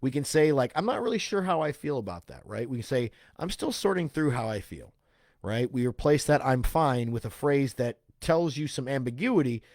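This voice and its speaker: A man at a medium pitch talks through self-help advice in a loose, conversational way, full of "like" and quick "right?" check-ins. The sound is dry and close, with no room around it. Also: dry recording. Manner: explains with frequent "right?" and "okay?" check-ins; casual, loose phrasing with restarts and "like".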